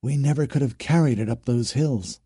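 A man's voice: medium pitch, expressive, moderate pace, mellow, dry recording, studio quality, lightly acted. A man doing a cautious female alien commander.

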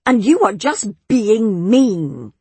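A woman's voice: mid-range voice, very animated, slow pace, darkish tone, breathy edge, dry recording, voice pushed up, exaggerated voice. A woman voicing a bossy old witch who scolds and bellows at others in a storybook reading. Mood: exasperated.

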